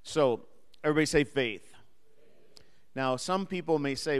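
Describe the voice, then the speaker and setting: Smooth-voiced man teaching a Bible class. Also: on the high side, normal speed, in a large hall. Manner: engages the class with questions and light humor. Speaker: Sunday school teacher. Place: church classroom or hall.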